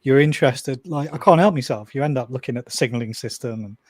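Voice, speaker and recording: A man's voice: mid-range voice, fast talker, no room sound. A man from Wales, chatting casually and dryly, teasing and laughing at his own jokes. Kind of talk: casual chat.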